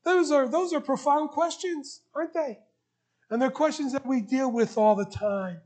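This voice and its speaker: High-voiced man preaching with emotion. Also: moderate pace, a little mellow. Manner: emotional, earnest preaching with rising emphatic questions. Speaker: pastor. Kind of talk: sermon. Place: church sanctuary.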